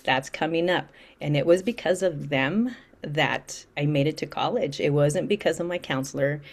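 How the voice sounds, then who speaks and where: A middle-aged woman, an interview guest from Central California, speaking reflectively with frequent restarts and soft laughs. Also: low voice, moderate pace. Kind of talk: interview conversation.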